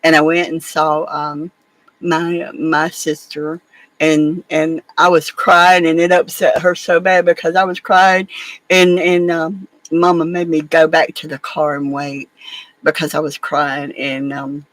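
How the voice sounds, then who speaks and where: A woman's voice: sits low, flat delivery, measured pace, rough recording. A woman, casually telling a family story to her viewers, rambling with many fillers and restarts. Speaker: vlogger.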